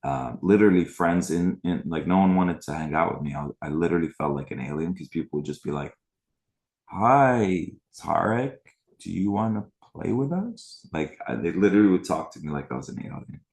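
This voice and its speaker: Very deep-voiced man telling his story. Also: quick pace, hardly any pauses, a little mellow. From Middle East. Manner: casual, chatty, greets attendees by name. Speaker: spiritual retreat host. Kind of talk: personal storytelling to a live online group.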